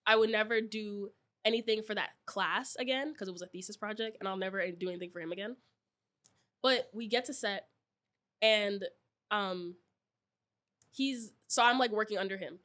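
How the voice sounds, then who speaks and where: A woman's voice: mid-range voice, fairly quick. Young woman, from new york, chatty, storytelling, lots of likes. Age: 20s. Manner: chatty, many fillers, animated retelling. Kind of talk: casual chat, storytelling.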